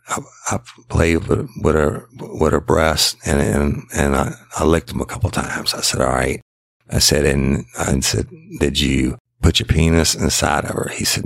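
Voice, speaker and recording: Gravelly deep man storyteller. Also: no echo, studio quality. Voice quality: gravelly, repetitive restarts. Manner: blunt, profane, acts out both sides of an interrogation. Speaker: retired detective telling a case. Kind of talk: casual storytelling podcast.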